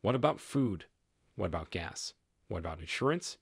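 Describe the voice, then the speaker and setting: A man's voice: low-pitched, very animated, normal speed, gravelly, slightly rough, dry recording, studio quality, heavily acted. A man voicing a desperate, flustered wife pleading on the phone in a story reading. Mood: anxious.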